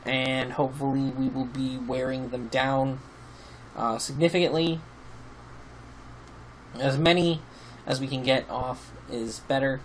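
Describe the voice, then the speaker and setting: A man casually talking through a game team he has built, rambling with many pauses and fillers, and sounding sleepy. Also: medium pitch, steady tone, slight background noise, poor audio. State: sleepy, yawning. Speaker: YouTube team-building host. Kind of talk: casual commentary over gameplay.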